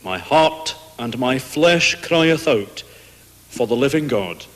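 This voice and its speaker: Slow Scottish minister intoning in a reverberant church. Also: male voice, medium pitch, lively intonation. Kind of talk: reading scripture in a church service.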